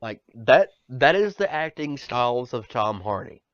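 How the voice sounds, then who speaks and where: A man's voice: mid-range voice, sing-song, a little slow, no echo. A man co-hosting a podcast in casual banter, ranting with profanity and stammering repeats. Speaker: podcast co-host. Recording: dull lo-fi sound, dry.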